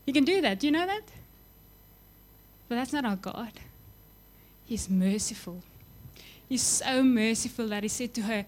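A young adult woman preaching a sermon, impassioned, building to emphatic peaks and then dropping to soft, quiet lines. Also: fairly high pitch, animated, unhurried, pauses often.

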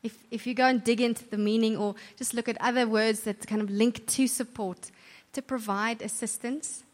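A woman's voice: on the high side, fairly even intonation, moderate pace. Woman preaching in a reverberant hall. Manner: earnest, warm conversational preaching with self-corrections. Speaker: church speaker. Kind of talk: church talk.

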